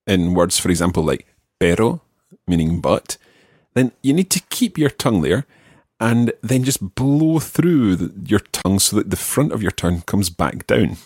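A man teaching pronunciation who explains patiently, models the sounds slowly and jokes about his own mistakes. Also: low voice, darkish tone, dry recording, studio quality. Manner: self-deprecating. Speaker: language teacher.

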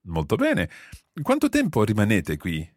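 A man plays a friendly young Italian man greeting a visitor, speaking slowly and clearly for learners. The voice sits very low and husky, with a lively swing in pitch, recorded dry and close. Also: no room sound.

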